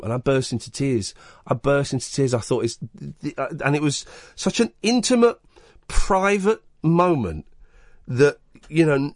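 A man hosting late-night radio, telling long rambling stories full of jokes and restarts. His pitch rises and falls a great deal as he talks. The studio sound is dry and close. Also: a little mellow, dry recording. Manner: rambling, jokey, self-interrupting. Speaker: radio show host.

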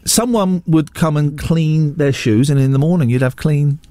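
A man hosting a radio show in the studio, talking in an animated, ranting and self-mocking way. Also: a little high, normal speed, dry recording. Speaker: radio host. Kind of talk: casual radio chat.

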